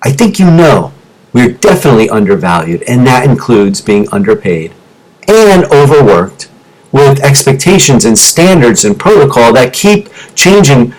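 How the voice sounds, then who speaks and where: A man's voice: big pitch swings, unhurried, low-quality recording. Man telling a heartfelt teaching story. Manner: storytelling, drops low and quiet in emotional parts, rises for emphasis. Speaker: teacher turned business coach. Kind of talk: motivational talk to teachers. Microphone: teleconference microphone.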